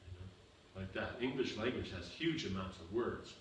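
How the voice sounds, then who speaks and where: This man speaks with a low, animated voice at a normal speed while teaching a seminar and taking questions. He leans on repeated examples and keeps asking "you understand?" The Q&A lecture was captured in a seminar room that echoes, with the mic far off and faint noise.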